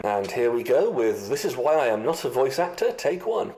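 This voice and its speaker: A man's voice: mid-range voice, sing-song, normal speed, very noisy. Goofy, giggly man in voice outtakes. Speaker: amateur voice actor in outtakes. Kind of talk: recording-session outtakes.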